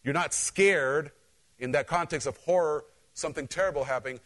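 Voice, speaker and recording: Pastor, male, lively sermon delivery that keeps calling on the congregation, voice sits a bit high. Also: normal speed. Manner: animated, talks directly to the congregation. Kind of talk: conversational sermon with personal stories.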